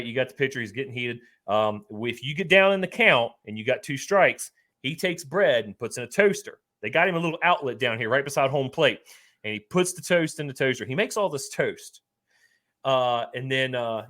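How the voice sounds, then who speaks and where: A man co-hosts a sports podcast in a relaxed, rambling way. His pitch sits in the middle range, and he laughs often, restarts sentences and leans on fillers as he tells stories. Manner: laid-back storyteller, laughs often, many fillers and restarts. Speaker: podcast co-host. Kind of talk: casual chat.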